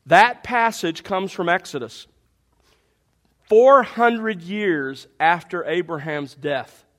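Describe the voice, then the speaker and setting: A man's voice: high voice, slow, a bit bright. A man preaching a sermon, teaching through a Bible passage with emphatic rhetorical questions. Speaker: pastor.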